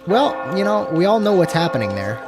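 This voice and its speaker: A man's voice: high-pitched, sing-song, a little fast. A young man streaming himself playing a game, talking casually with lots of swearing. He rambles between jokes and irritation, and faint game music plays underneath. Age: young adult. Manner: profane, rambling, easily exasperated. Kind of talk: casual gameplay commentary.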